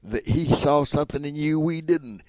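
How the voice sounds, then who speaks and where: A man's voice: on the high side, moderate pace, a little mellow, no echo. An older man, an entertainer, reminiscing about his career in a rambling way, repeating words and chuckling as he goes. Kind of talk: reminiscing storytelling.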